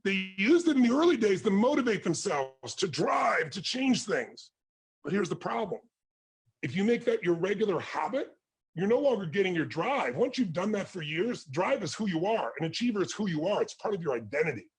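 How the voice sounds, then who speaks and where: A man's voice: high voice, very animated, moderate pace, slightly rough. A man giving an intense, passionate motivational talk, speaking with full force to an interviewer and audience.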